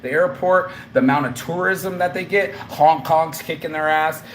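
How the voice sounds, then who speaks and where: A middle-aged man vents in a loose, slangy travel vlog, cursing freely and breaking into laughter. His voice sits a little high. A faint hum of noise runs under the recording. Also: normal speed. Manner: animated, profane, laughs often, slangy. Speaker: vlogger. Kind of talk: casual travel vlog rant.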